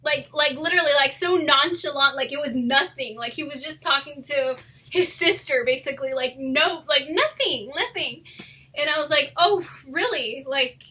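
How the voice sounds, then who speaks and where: A young woman telling a personal story in a casual, animated way, swearing often and saying "like" a lot. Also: high voice, normal speed. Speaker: storytime vlogger.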